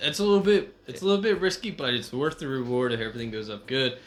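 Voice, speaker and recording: A young man co-hosting a casual card-collecting video, explaining things in an easygoing, halting way. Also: mid-range voice. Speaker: co-host. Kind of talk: casual hobby vlog.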